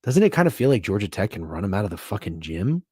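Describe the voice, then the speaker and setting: A man hosting a sports betting show, talking casually, swearing freely and swinging from hushed asides to loud bursts. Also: lowish voice, very animated, fast talker, slightly rough, no room sound, clean studio sound. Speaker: sports betting podcast host.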